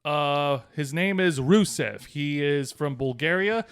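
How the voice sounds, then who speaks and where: A relaxed man co-hosting a podcast who reads news notes aloud in a chatty way. His voice sits a little above the usual male pitch. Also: slow, clean tone. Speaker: podcast co-host. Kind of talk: casual chat.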